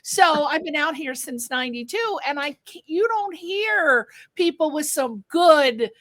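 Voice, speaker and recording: High-voiced chatty woman host. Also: expressive, measured pace, fairly bright tone, no room sound. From Connecticut. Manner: chatty, enthusiastic, laughing often. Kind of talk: live show interview.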